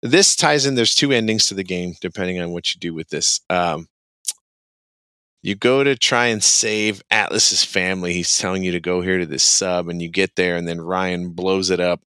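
A man with a low, smooth, resonant voice, casually recapping a game's plot on a podcast. He rambles, filling gaps with "like" and "um". The sound is dry and close. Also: normal speed, pushed and bright, no echo. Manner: rambling, heavy on "like" and "um".

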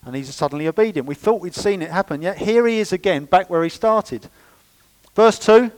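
A man delivers a sermon in church with a fairly high voice. He preaches in a lively, chatty way and drops playful asides to the congregation. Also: a little fast, poor audio. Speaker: pastor.

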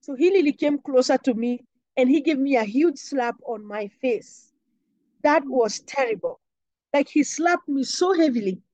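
A young woman from Kenya speaks in a high, voice as she earnestly recounts a painful memory. The sound is dry, with no room echo. The recording is dull and slightly lo-fi. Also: a little slow, mellow. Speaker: interview guest. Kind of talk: personal storytelling.

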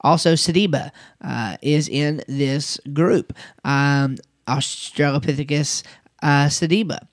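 A man's voice: fairly high pitch, slow pace, no room sound, studio quality. A man teaching a recorded lesson, speaking conversationally with frequent fillers and restarts. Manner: conversational, with fillers and occasional laughs. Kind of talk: recorded lecture.

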